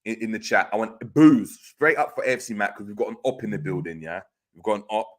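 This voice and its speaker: A man's voice: on the low side, fast talker. A man hosting a livestream, reading chat comments aloud in slangy, teasing banter. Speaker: host reading live chat.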